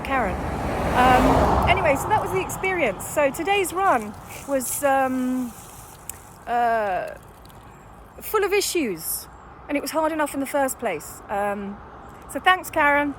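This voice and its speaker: A woman telling a story after a run outdoors, a bit out of breath, exasperated and animated as she acts out a quarrel. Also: sits high, slow pace, noisy background. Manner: exasperated, animated retelling with quoted dialogue. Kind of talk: casual storytelling vlog.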